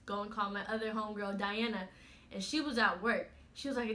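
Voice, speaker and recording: A teenage girl talks straight to her viewers in a loose, chatty storytelling voice that keeps circling back with "you know." Her tone is bright and forward, sitting at an ordinary middle pitch for a young woman. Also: steady tone, fast talker. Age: late teens. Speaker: vlogger. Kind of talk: casual storytelling to camera.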